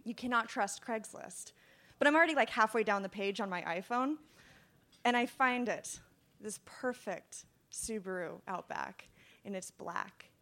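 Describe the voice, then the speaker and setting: Young woman telling a lively personal story. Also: medium pitch, unhurried. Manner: lively storytelling with hushed, whispered asides. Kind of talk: personal story told to an audience.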